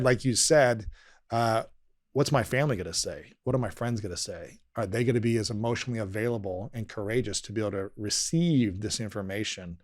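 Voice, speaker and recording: A man, a podcast guest, telling a personal story in conversation, earnest and emotional, often dropping quiet and slowing down. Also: fairly low pitch, no echo, studio quality.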